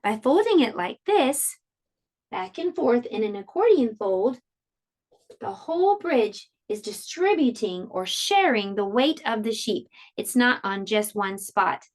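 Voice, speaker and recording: Sing-song, slow preschool teacher woman. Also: a little high, lively intonation. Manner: sing-song and slow, explaining to small children. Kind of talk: preschool lesson and storybook reading.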